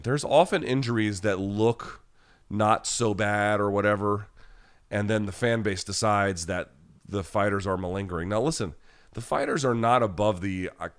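A man hosting a live chat podcast, talking bluntly and casually and swearing freely as he answers viewers while sick at home. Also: sits low. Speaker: podcast host.

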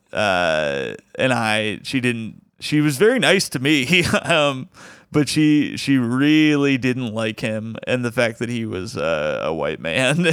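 Smooth-voiced man telling a comic story. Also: medium pitch, dry recording, clean studio sound. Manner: laughs through his own story, acts out quotes. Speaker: comedian host telling a story.

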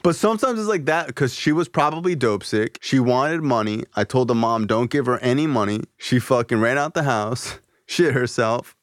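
A man's voice: mid-range voice, expressive, moderate pace, hardly any pauses, no echo. A man hosting a podcast, talking bluntly and casually and swearing freely. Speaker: podcast host. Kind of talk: casual interview chat.

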